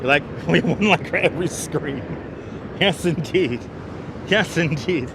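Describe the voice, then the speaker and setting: A man live-streaming a walk through the city on a clip-on mic, chatty and playful, now and then yelling. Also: a little high, measured pace. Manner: chatty, playful, bursts into loud yelling and sing-song calls. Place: outdoors in a city and in an elevator. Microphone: wireless clip-on mic. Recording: street noise clearly behind.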